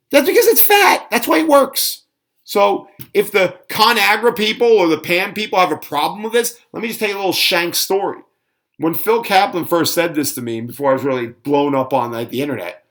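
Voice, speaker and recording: A man's voice: high voice, lively intonation, normal speed, a bit bright. A middle-aged man ranting sarcastically in a casual home cooking vlog. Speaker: fitness vlogger. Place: home kitchen.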